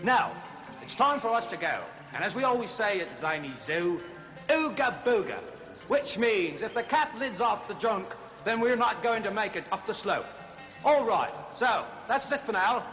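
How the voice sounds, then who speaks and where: An actor playing a bumbling, excitable jungle explorer who rambles and uses homespun slang. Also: male voice, high-pitched, normal speed, in a large hall, soft background music. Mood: chatty. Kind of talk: 1970s TV sketch comedy.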